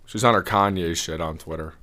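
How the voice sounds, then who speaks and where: A man's voice: low-pitched, fairly even intonation, a little fast, sharp tone. A man co-hosting a podcast in casual chat, bantering and laughing at his own jokes. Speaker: podcast co-host.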